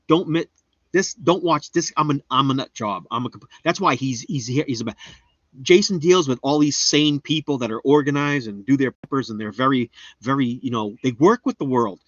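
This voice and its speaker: A man's voice: fairly bright tone, no room sound. A man chatting casually on a live stream as he shows off garden seeds, rambling, goofy and mocking himself. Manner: rambling, goofy, self-mocking, jumps into high silly voices. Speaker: homestead gardening livestreamer. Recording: dull, slightly lo-fi dry sound.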